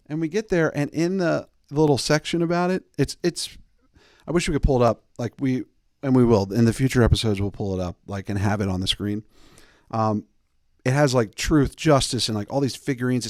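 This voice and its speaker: Animated man rambling through a story. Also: medium pitch, no room sound, clean studio sound. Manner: rambling, animated, jokey, with quoted voices. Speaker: podcast host. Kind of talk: casual storytelling monologue.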